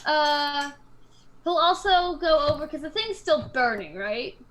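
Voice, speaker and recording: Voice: sits high, animated, measured pace, fairly bright tone. A player in a tabletop game, musing aloud over her character's moves and laughing easily.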